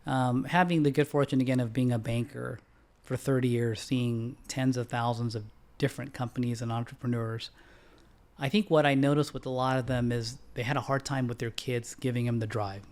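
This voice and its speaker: A middle-aged man, a bank founder, talking on a podcast in casual, animated storytelling style. He clears his throat often and jumps into sharp, high-pitched outbursts when acting out quotes. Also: fairly quick.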